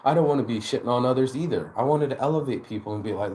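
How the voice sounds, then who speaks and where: A man of middle pitch speaks straight to his audience in a rambling motivational monologue. He is blunt and profane and keeps stumbling into repeated words. A faint background noise sits under his voice. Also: racing, hardly any pauses. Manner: blunt, profane, animated, with lots of stammered restarts. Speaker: channel host.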